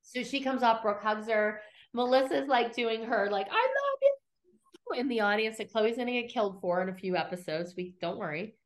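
A woman's voice: fairly high pitch, a little fast. A middle-aged woman hosting a podcast, casually recapping scenes, acting out quotes and swearing freely. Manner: animated storyteller, acts out quotes, swears freely. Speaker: podcast host recapping episodes.

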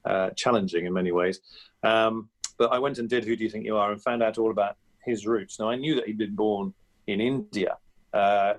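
Brief: male, fifties, lower pitch, relaxed anecdotal interview guest who talks through hesitations. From England. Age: 50s. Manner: chatty and anecdotal, with many fillers and restarts. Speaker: guest comedian and impressionist. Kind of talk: reflective interview talk.

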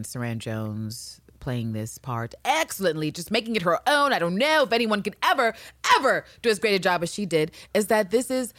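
A woman co-hosting a podcast in casual chat, animated and swearing freely as she acts out characters. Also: deep voice, no room sound. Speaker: podcast co-host. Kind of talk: casual chat recapping a TV episode.

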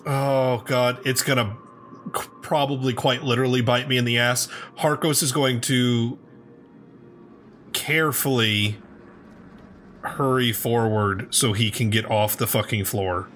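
A man's voice: medium pitch, fairly even intonation, a little slow, pauses often, fairly bright tone, a little hiss or hum. A man playing a tabletop game, flustered and anxious, swearing and laughing nervously. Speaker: player. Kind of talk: tabletop game play, casual chat.

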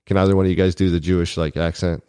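A man's voice: low voice, flat delivery, very fast, mellow, clean tone, no room sound, studio quality. A man co-hosting a podcast in casual banter, joking and rambling, laughing often. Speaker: podcast co-host.

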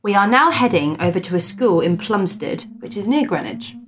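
A woman co-hosts a relaxed podcast, reading spooky old tales with dramatic stress on key words. She drifts easily into chat and giggles, her pitch sitting in a middle register. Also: normal speed, slight background noise. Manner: chatty, giggly, reads with dramatic emphasis. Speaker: podcast co-host. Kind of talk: casual chat, reading ghost stories aloud.

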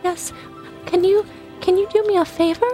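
A woman's voice: extremely high pitch, steady tone, normal speed, dark tone, soft background music, pitched above the performer's own voice. A woman voicing a creepy, timid little boy who asks politely. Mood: pleading. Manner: small, pleading and polite.

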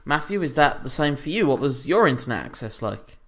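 A man's voice: a little high, sing-song, brisk, background noise. A man in his thirties co-hosting a podcast, opening with theatrical, jokey patter. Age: 30s. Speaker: podcast co-host. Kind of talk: casual podcast chat.

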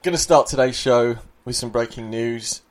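A man hosting a fantasy football podcast, upbeat and excitable in casual chat. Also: medium pitch, moderate pace. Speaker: podcast host.

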